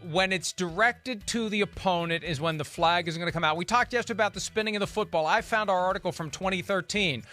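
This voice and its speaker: A man hosting a sports talk show, talking in a brisk, sardonic, lawyerly way. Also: high-pitched, bright, forceful tone, soft background music. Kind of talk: casual studio sports talk.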